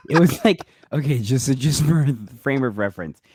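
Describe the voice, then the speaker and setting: Male co-host, mid-pitched, animated and giggly, dry close recording. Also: moderate pace, slightly rough, no room sound. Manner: giggly, rambling, searching for words. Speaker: podcast co-host. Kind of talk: casual chat recapping a TV episode.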